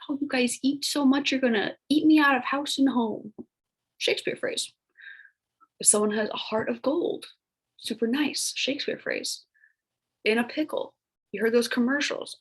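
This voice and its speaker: A woman's voice: fairly high pitch, husky, rough recording. A young woman teacher, talking through a recorded lesson in a casual, chatty way with many filler words and playful put-on voices for old phrases. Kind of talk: recorded classroom lecture.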